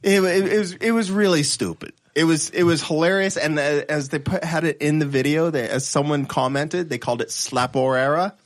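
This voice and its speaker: A man's voice: on the high side, fairly quick, few pauses. A man co-hosting a podcast, casually retelling videos with restarts and laughter. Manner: rambling storyteller, laughs at own stories, restarts often. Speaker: podcast co-host. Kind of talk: casual panel chat.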